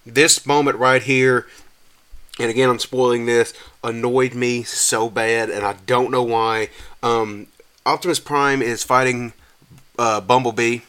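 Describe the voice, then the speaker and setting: A man, hosting a podcast and ranting casually about a movie he just saw, rambling and restarting often and climbing higher when exasperated. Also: steady tone, measured pace, fairly bright tone, clear, resonant tone. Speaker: podcast host reviewing a movie. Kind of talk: casual rant.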